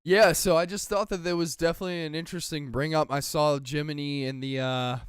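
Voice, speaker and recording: A man's voice: a little high, fairly even intonation, a little fast, smooth, dry recording, clean studio sound. A young man hosting a casual podcast chat, enthusiastic, swearing freely and laughing often. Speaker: podcast host.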